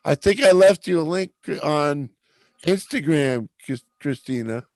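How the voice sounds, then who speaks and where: A man's voice: on the high side, animated, a little slow, darkish tone, no room sound. A man with a New England accent co-hosting a casual livestream chat, blunt, teasing and liberally profane. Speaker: co-host.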